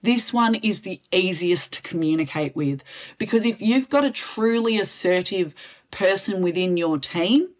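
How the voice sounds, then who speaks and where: A woman, a communications specialist answering interview questions in a direct, expressive way and acting out example lines. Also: lowish voice, measured pace, muffled recording. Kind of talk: interview answers, expert advice.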